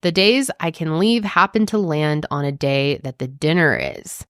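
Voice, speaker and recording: Lower-voiced woman podcast co-host, chatty. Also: expressive, a little slow, no echo. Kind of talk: casual chat, reading a forum post aloud.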